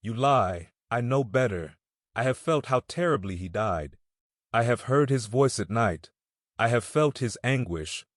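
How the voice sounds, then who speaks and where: A man's voice: medium pitch, expressive, a little slow, no room sound, studio quality. A man reading an audiobook, voicing a middle-aged grieving mother who pleads and sobs for the truth about her son's death. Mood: grieving, pleading. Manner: sobbing, pleading. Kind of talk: audiobook character voice.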